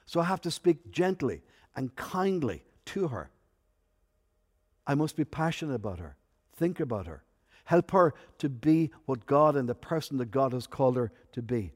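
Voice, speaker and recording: A man preaching a sermon as pastor, swinging from soft, intimate asides to loud, emphatic peaks. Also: medium pitch, big pitch swings, moderate pace. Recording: long hall reverb.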